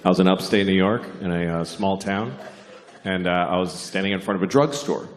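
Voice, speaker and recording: A man's voice: sits low, fairly quick, reverberant, a little hiss or hum. A man performing a stand-up comedy set, ranting sarcastically with plenty of profanity and mock outrage.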